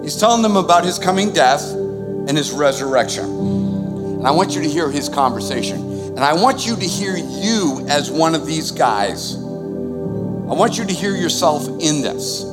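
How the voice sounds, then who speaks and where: Pastor in his sixties, sermon, lively conversational delivery, fairly high voice, new-age music behind. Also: a little slow. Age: 60s. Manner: conversational, animated, sudden swings in volume.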